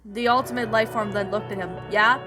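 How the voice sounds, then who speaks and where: A woman's voice: mid-range voice, fairly quick. Woman reading a story over music. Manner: plain, steady reading with small slips. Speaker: story reader. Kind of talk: storybook narration. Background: background music.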